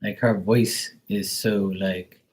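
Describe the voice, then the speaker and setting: A young man who reads tarot gives a live psychic reading, rambling hesitantly with heavy fillers and some casual, mild swearing. His voice is fairly low and darkish, steady in tone, and slow.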